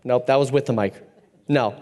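A man's voice: mid-range voice, moderate pace, a little mellow. A man in his thirties, a parent and regular leader of a small church group, talking loosely with many fillers and restarts. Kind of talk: casual faith talk to a group.

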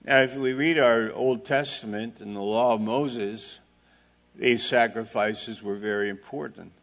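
A man preaching a sermon at an unhurried, measured pace, with a gravelly, fried edge to his voice. He asks his listeners questions and chats plainly with them between points. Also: mid-range voice, a bit bright. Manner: slow, deliberate preaching with rhetorical questions; plain-spoken, with asides and audience back-and-forth. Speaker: pastor.

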